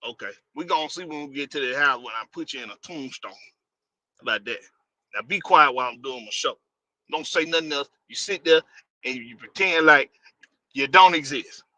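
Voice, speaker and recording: Bright-voiced man hosting a stream. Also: fairly high pitch, moderate pace, no room sound. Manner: loose, rambling, greets viewers by name. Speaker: live stream host. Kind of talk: casual live stream talk.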